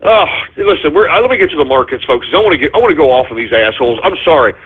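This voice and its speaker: A man's voice: a little high, lively intonation, rapid-fire, breathy edge. A male radio show host in a ranting talk monologue, agitated and sarcastic, swearing as he goes. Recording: phone-like call-in radio audio.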